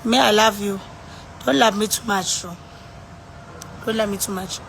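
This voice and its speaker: A woman's voice: medium pitch, steady tone, normal speed, vocal fry. Woman, South African accent, tipsy, rambling and sighing, mixes languages, phone live stream, faint background noise. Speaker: livestreamer. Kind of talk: casual live-stream chat.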